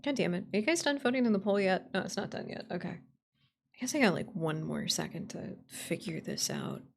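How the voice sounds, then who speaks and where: A woman streamer in casual livestream chat, excitable, swearing freely and swinging between squeals and grumbles. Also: mid-range voice, a little fast, gravelly, slight background noise.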